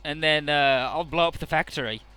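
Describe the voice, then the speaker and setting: Man putting on a mocking mecha-game villain, smug, callous, high and loud. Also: fairly even intonation, fairly quick, smooth, faint music behind. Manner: mocking, offhand.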